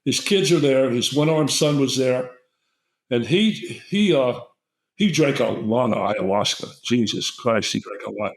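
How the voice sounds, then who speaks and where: In a roomy, echoing recording, an older guest herbalist tells a lengthy story conversationally with many fillers and restarts. His medium-pitched voice is animated, and his pace is measured.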